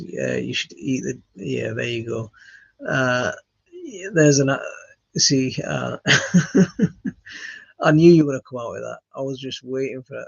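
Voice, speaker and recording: A man hosts a relaxed question-and-answer chat. His voice is gravelly and slightly husky, and he stops often to fill gaps as he reads out comments. The sound is dry and a little dull. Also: mid-range voice, no room sound. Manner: halting, reading out comments with many fillers. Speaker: channel host answering viewer questions. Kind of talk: casual live Q&A chat.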